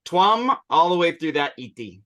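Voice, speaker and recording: A male teacher leading an online class, patiently correcting pronunciation and explaining with quick asides. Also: on the high side, very animated, a crowd in the background. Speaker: Sanskrit teacher.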